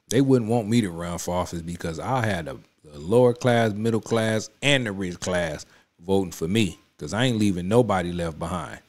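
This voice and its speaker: A man with a somewhat low voice hosts a political reaction video from his home studio. He talks in a loose, conversational way, repeating his points with emphasis and arguing straight back at the clip he is watching. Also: a little mellow. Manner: emphatic, repetitive, conversational street talk; addresses the clip directly with rising heat. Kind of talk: casual political reaction commentary.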